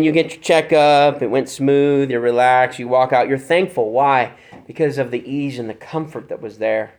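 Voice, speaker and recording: A man preaching a sermon, his voice a little higher than most men's. He speaks earnestly and often stops to search for words, restarting his sentences and filling the gaps with fillers. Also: normal speed. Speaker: pastor. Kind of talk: expository sermon.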